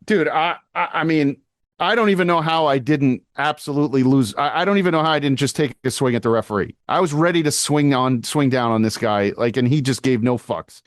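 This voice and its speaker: A man co-hosting a podcast in casual chat, telling stories in an animated way and swearing freely. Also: medium pitch, fairly quick, no room sound, clean studio sound. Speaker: podcast co-host.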